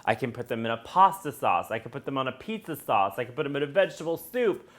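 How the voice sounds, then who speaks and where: A man of middle pitch hosts a home cooking tutorial in a chatty, friendly way. He speaks directly to his viewers and lifts his pitch on the excited phrases. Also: fast. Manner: upbeat and chatty, talking straight to viewers. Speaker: cooking video host.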